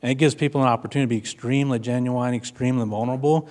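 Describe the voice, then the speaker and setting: A man's voice: mid-range voice, steady tone, racing, darkish tone. A man giving a conference talk to an audience, earnest and plainspoken, telling stories with casual fillers. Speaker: conference speaker. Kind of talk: keynote talk. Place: conference room before an audience.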